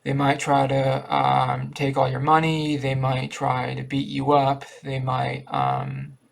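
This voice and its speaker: A man vlogging in an earnest, repetitive monologue, often pausing and restarting. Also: medium pitch, creaky. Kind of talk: rambling personal monologue.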